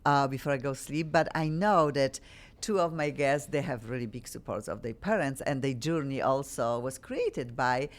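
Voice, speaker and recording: A woman's voice: very deep voice, moderate pace. A woman with a Polish accent hosting a talk radio show, chatting effusively with her guests in a studio. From Poland. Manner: effusive, warm welcomes to guests.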